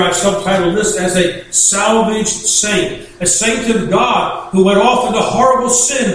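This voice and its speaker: A man from the United States preaching a sermon, with emphatic delivery and slow, deliberate scripture reading. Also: high voice, fairly bright tone, slight background noise. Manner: emphatic preaching, reads scripture slowly in King James wording. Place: church sanctuary. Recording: echoey church hall, voice from far off.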